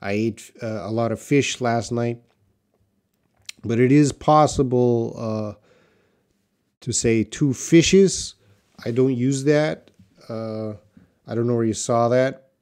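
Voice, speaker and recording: Speaking a little slowly in a clean, medium-pitched voice, a man runs a live English lesson. He picks viewers' questions from the chat and answers casually, musing aloud with lots of fillers.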